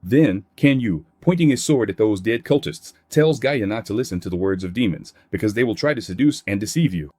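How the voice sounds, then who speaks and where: A man's voice: fairly low pitch, expressive, brisk, few pauses, darkish tone, no room sound. A man narrating a comic recap in a plain scripted read, voicing characters' quotes in his own voice.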